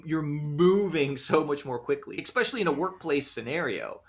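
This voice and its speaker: An American man, a guest in an interview, explaining his ideas in an animated way and often acting out quoted voices. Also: on the high side, moderate pace. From United States. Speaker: guest, conflict resolution practitioner. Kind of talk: conversational interview.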